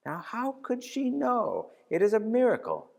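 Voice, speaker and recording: A man's voice: high-pitched, wildly swooping pitch, unhurried, creaky, darkish tone, pitched above the performer's own voice, exaggerated voice. A man reading aloud and voicing a proud, blustering adult knight, heard in a reverberant church hall. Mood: wondering.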